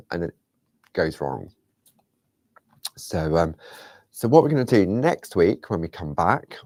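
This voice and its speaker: A chatty man presents a craft demonstration in a low, gravelly voice. His tone is warm and mellow, and the close recording sounds dry. He rambles loosely and now and then drops into a hushed near-whisper. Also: no room sound. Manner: chatty, rambling, drifts into soft whispers and laughs at himself. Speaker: craft show host.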